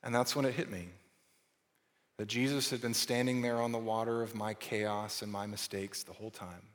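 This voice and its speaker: A man preaching a sermon in an earnest way, his delivery moving between raised emphasis and hushed, quiet passages. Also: on the low side, steady tone, moderate pace. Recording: long hall reverb.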